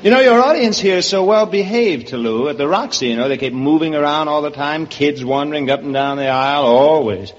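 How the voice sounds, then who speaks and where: A man from Brooklyn, a guest on a radio variety show, bantering in a quick, jokey way. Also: a little high. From Brooklyn, New York. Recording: dull old radio broadcast in a theater hall with hiss.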